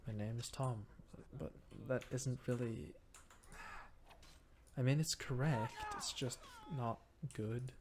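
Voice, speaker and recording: Taking it slowly, a Norwegian gamer whose first language is Norwegian speaks with a medium pitch, a steady tone and a slightly mellow quality, over a little hiss or hum. His casual gameplay commentary is murmured thinking aloud, full of self-deprecating musing.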